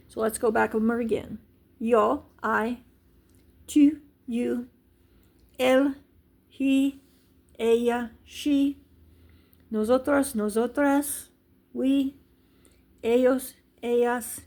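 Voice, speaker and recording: A woman teaches a relaxed language lesson in a slow, unhurried way. Her voice sits a little high but has a gravelly, creaky edge. She pauses often with ums and restarts her sentences.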